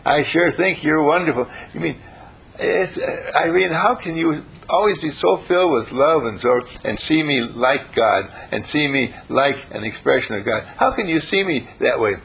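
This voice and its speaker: A man preaching a storytelling sermon in a playful, animated way, acting out the people in his story. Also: medium pitch, normal speed, vocal fry, slightly rough. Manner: animated, playful, acts out voices.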